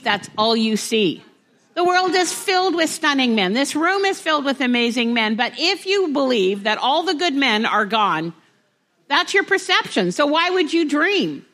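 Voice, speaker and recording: Preaching to a congregation in a church hall, a woman pastor speaks in a high, fairly bright voice. Her sermon is plain-spoken and climbs into emphatic exhortation.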